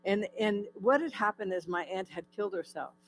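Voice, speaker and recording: A woman's voice: mid-range voice, normal speed, faint music behind, poor audio. Woman telling her story with fillers. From California. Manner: storytelling, many fillers, asks audience questions. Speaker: guest speaker. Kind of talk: personal testimony to a church audience. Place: church hall.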